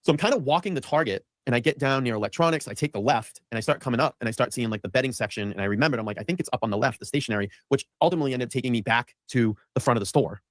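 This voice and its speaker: A man's voice: medium pitch, racing, hardly any pauses, no echo, studio quality. A man hosting a show, telling a long rambling story in casual chat and acting out what people said. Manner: rambling, acts out quoted lines. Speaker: host. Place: studio.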